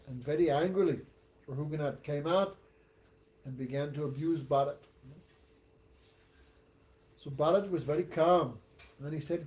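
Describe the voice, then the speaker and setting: Animated male storytelling teacher. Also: a little high, measured pace, pauses often, a little hiss or hum. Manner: animated, chuckles, asks rhetorical "No?". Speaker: spiritual teacher. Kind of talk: storytelling lesson.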